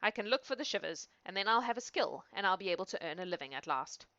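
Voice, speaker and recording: A woman voicing a simple, fearless young man who speaks bluntly and sometimes shouts. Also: mid-range voice, expressive, fast, dry recording, muffled recording. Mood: plainspoken. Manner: blunt, matter-of-fact, raised and shouting at times.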